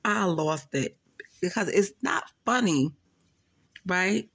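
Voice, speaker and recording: Woman, gossip vlogger; gravelly, dry close sound, chatty and laughing. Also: lowish voice, lively intonation, takes it slowly, a bit bright, no echo. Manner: chatty, laughing, retells calls with quoted voices. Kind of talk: casual commentary vlog.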